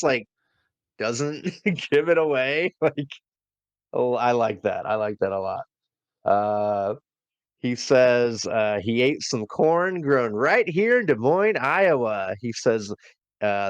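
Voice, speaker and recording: A man's voice: mid-range voice, lively intonation, takes it slowly, dry recording. A man co-hosting a casual wrestling review podcast, talking in a laid-back way with many fillers as he reads from his notes. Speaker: podcast co-host.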